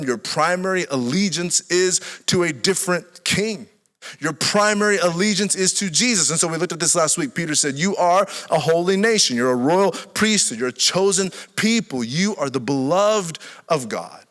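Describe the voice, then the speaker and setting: A middle-aged pastor preaching with a bright, lively voice that rises high and drops low. His storytelling moves between hushed asides and loud, laughing bursts. The sound rings with the long reverb of a large church hall. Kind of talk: sermon.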